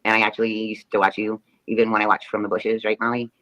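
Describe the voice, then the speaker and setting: A woman's voice: a bass voice, little pitch movement, fast talker, a bit bright, muffled recording. A woman livestreamer talking casually, rambling through an earnest apology.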